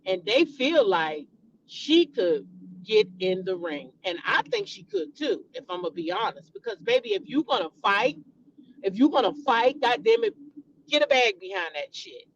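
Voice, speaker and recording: A woman's voice: a little high, very animated, moderate pace, highs cut off, a little hiss or hum. A woman hosting a celebrity gossip show, chatting casually and animatedly to her viewers and calling them y'all.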